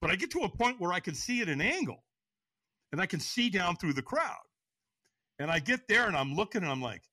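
Middle-aged male podcast guest, storyteller type; bright, lively delivery, acts out every quote. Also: sits high, brisk, no room sound. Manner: acts out quotes in a raised voice, laughs often. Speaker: podcast guest, firewalk instructor. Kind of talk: animated storytelling.

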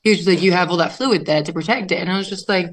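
Animated woman guest, swearing freely. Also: lowish voice, racing, low-quality recording. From England. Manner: animated, swears often, acts out quotes. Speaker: interview guest, professional wrestler. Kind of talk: casual storytelling chat.

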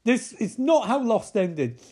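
Man doing a young woman, raised pitch, exasperated, protesting, indignant. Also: very animated, slow pace, mellow, slightly rough, exaggerated voice.

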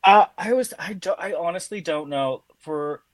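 A man's voice: on the high side, moderate pace. A man guest on a casual podcast chat, talking hesitantly with many fillers. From Canada.

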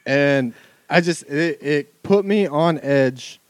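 A man telling a funny story in a casual chat, animated and laughing often. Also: a little high, slow, clear, resonant tone, no room sound.

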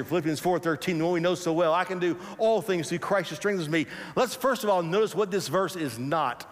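A male pastor with a notably high voice delivers a calm, reflective sermon. He poses gentle rhetorical questions and invites the congregation to repeat words with him. His voice rings out with the long reverb of a large hall. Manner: leads the congregation in call and response.

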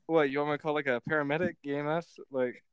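A man's voice: fairly high pitch, steady tone, fast, clear, resonant tone, dry recording. A young man hosting a podcast in a rambling, giggly casual chat, swearing freely. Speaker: podcast host.

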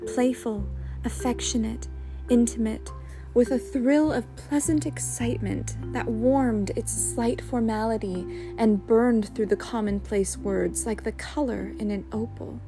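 A woman reading a novel aloud in a measured, steady way, with music behind. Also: a little high. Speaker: audiobook reader. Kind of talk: scripted narration.

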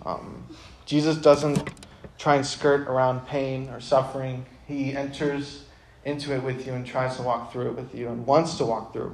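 Young guy doing a youth group talk, casual and earnest, lots of ums, gets fired up at times. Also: mid-range voice. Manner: casual, earnest, lots of fillers, bursts of energy. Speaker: youth speaker. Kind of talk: youth talk to high school students.

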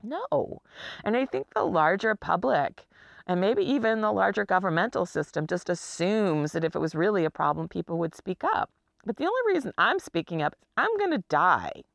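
A woman's voice: medium pitch, sing-song, moderate pace, creaky, no echo, studio quality. An exhausted woman speaking bluntly and emotionally about her own life, sometimes dropping to a near whisper. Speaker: chronically ill person speaking to camera. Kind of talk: candid personal monologue.

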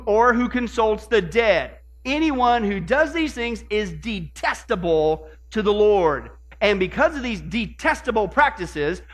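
A middle-aged man preaching with a very high, piercing voice. He is emphatic, calls out questions to the congregation, and drops low and hushed when he gives warnings. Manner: reads scripture aloud with sudden drops in pitch and volume for warnings. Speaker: pastor. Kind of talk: sermon.

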